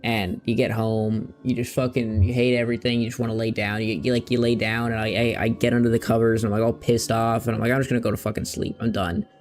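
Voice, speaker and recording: A man's voice: mid-range voice, monotone, quick pace, hardly any pauses. A man hosting a gaming video, chatting casually in a rambling, candid way and swearing now and then. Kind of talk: casual chat while playing.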